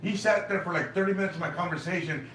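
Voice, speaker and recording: A man's voice: sits high, fast talker, a bit bright, slight background noise. A young man in heated casual talk, baffled, repeating himself and often saying "man". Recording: echoey room, far from mic, faint ambience.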